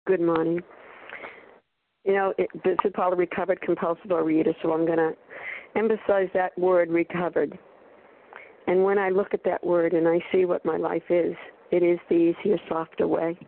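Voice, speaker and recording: A woman's voice: fairly low pitch, level tone, fairly quick. A woman sharing at a recovery meeting, speaking emphatically and stressing single words. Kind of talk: personal share at a phone recovery meeting. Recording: tinny phone line.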